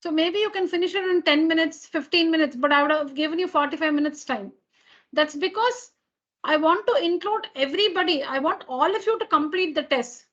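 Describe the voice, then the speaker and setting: A woman with a high voice teaches an online class over a dull, lo-fi call line. She speaks patiently and keeps restating her points so that everyone follows. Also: a little fast, a bit bright. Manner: patient, repeats and rephrases points. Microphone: computer mic on a video call.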